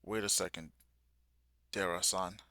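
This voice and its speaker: A man's voice: low voice, fairly even intonation, measured pace, bright, forceful tone, dry recording, clean studio sound. A man voicing a bewildered teenage boy in a plain reading voice, barely changed from his own. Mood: confused.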